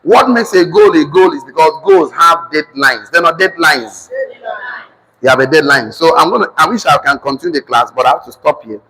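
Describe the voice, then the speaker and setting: A man with a Nigerian accent teaching a finance class, repeating each phrase slowly so students can write it down. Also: on the high side, lively intonation, sharp tone, big-room sound, low-quality recording. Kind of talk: classroom lecture with dictation.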